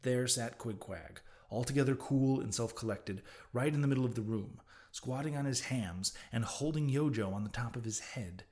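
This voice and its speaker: A man's voice: mid-range voice, a little mellow. Man reading a novel aloud. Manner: measured, dramatic first-person reading. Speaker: audiobook narrator. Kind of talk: scripted novel narration.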